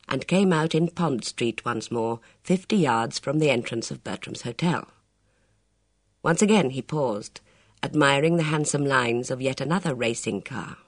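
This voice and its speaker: A man narrating an audiobook at a steady, measured pace. His voice sits mid-range in pitch. The sound is dry and close, with no room around it. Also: no room sound. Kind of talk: scripted narration.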